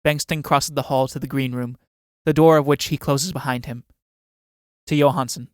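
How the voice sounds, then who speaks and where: A male narrator reading out the stage directions of a play, steady and measured. His voice is mid-pitched and the recording is dry and close. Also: clean tone, no room sound.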